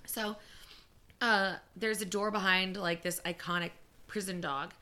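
A woman co-hosting a podcast, chatting casually and reacting with animated gasps. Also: mid-range voice, measured pace. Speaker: podcast co-host. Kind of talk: casual chat.

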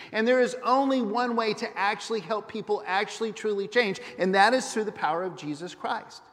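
A high-voiced man preaches to his church congregation, earnest and full of questions to the room. His voice carries a long reverb through a large sanctuary. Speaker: pastor. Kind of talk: sermon.

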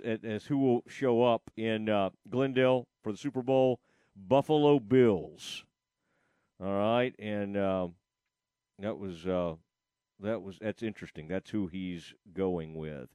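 A man with a fairly low, darkish voice that sounds clear and resonant hosts a casual sports radio talk show. He rambles, often using fillers and restarting his sentences. The recording is clean studio sound with no room noise.

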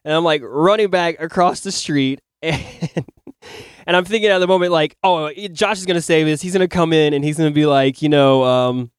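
A man hosting a podcast in casual chat, animated as he acts out his own lines and swears freely. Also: a little high, normal speed, clean tone, dry recording, clean studio sound. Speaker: podcast host. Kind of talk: casual chat, telling a dream.

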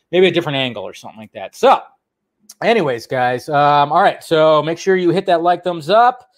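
Male streamer host, casual, loose and chatty, slightly higher voice. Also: no room sound, studio quality. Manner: laughing, rambling, animated. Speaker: livestream host. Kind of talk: casual livestream chat.

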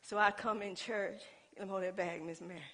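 A woman's voice: mid-range voice, steady tone, brisk, fairly bright tone. A woman pastor preaching a sermon in a colloquial style. She calls out to the congregation and acts out little scenes from her own life.

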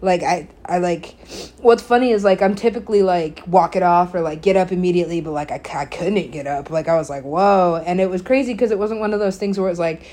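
A woman's voice: lowish voice, fast, dark tone. A woman hosting a podcast, telling a personal story in a rambling casual way, full of filler words, swearing and frequent laughs. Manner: laughs often while telling. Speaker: podcast host.

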